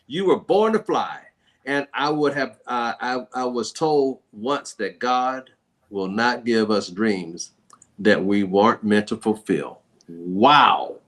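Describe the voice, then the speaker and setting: A man's voice: medium pitch, fairly bright tone. A man hosting a book discussion, reading passages aloud and riffing on them in a repetitive, folksy, preacher-like way. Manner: repetitive, folksy, sermon-like emphasis. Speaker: book review host.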